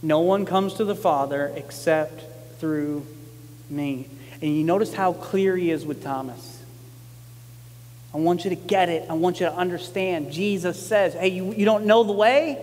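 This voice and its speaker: High-voiced pastor preaching in a reverberant hall. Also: male voice, a little slow. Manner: conversational, animated when quoting, emphatic repetition. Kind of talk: sermon.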